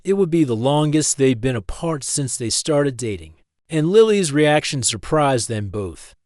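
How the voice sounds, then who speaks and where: A man narrating a written story in a steady, even scripted reading. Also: mid-range voice, a little slow, no echo, studio quality.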